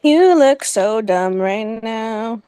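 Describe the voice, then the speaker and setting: A woman with a clear, smooth voice who speaks slowly. She teases others in a deadpan way during a casual online group chat, with a dry, close sound. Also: fairly high pitch, dry recording, low-quality recording.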